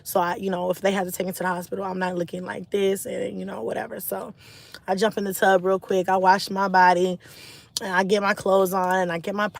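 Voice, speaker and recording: A stressed woman telling a personal story to her live stream viewers in a candid, animated way, swearing freely and filling her talk with "like" and "you know.". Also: medium pitch, a little fast, creaky, dry recording. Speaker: vlogger talking to a live stream audience. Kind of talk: casual storytelling.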